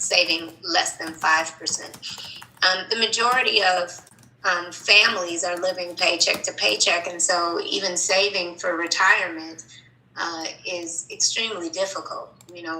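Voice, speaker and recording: A woman's voice: fairly low pitch, sharp tone. A woman guest on a podcast, earnestly explaining with frequent "um"s. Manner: earnest, explanatory, many fillers. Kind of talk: interview answers. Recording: echoey, distant from the mic.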